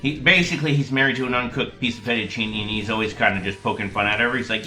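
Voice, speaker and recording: A man's voice: mid-range voice, animated, brisk, bright, forceful tone. A man hosting his gaming channel, chatting casually and rambling between jokes while he plays. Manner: rambling, jokey asides. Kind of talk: casual gameplay commentary. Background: faint game music.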